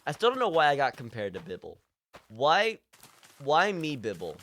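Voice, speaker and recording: A young man talking to his live-stream chat in a loose, rambling way. He keeps cracking himself up as he goes. His voice sits at an ordinary middle pitch for a man. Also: huge pitch swings, moderate pace, fairly bright tone. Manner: rambling, self-amused, breaks into laughter often. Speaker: livestreamer.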